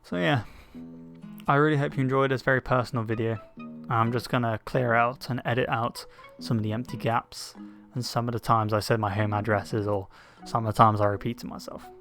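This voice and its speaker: A man's voice: mid-range voice, fairly bright tone. A man talking through a personal, rambling monologue from his bed, hesitant and searching for words, emotional and choked up. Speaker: video creator. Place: bedroom, in bed.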